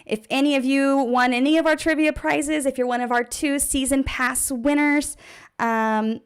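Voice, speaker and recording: A woman's voice: high voice, steady tone, normal speed. A woman hosting a charity livestream, chatty and upbeat. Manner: chatty and upbeat, with laughs and fillers. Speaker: livestream host.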